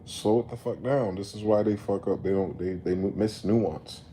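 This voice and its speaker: A man ranting in a late-night commentary vlog, animated and profane, repeatedly telling listeners to slow down. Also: on the low side, slight background noise. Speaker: commentary vlogger. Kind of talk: late-night rant to camera.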